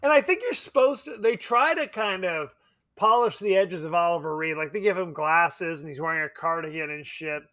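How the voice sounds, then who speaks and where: A man co-hosting a podcast in casual chat, animated, laughing often and swearing casually. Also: a little high, normal speed. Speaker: podcast co-host. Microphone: remote podcast mic.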